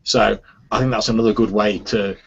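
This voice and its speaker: A man's voice: fairly low pitch, fairly even intonation, brisk, creaky, a little hiss or hum. A man talking in a rambling, casual way on a podcast, full of "sort of" and fillers. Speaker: podcast host. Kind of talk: casual chat. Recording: dull lo-fi podcast audio.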